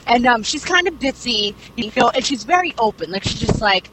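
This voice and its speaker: A woman's voice: a little high, expressive, brisk, hardly any pauses. Rambling young woman, noisy recording. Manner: rambling, heavy fillers, swears casually. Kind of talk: casual chat, retelling a series plot. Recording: clear background noise.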